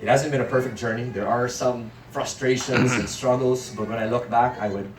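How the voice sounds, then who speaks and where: A middle-aged man from the Philippines giving an earnest personal storytelling talk, at times dropping to soft hushed tones. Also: mid-range voice, steady tone, moderate pace, noisy background. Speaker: speaker at a parenting talk. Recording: echoey room, distant mic, faint ambience.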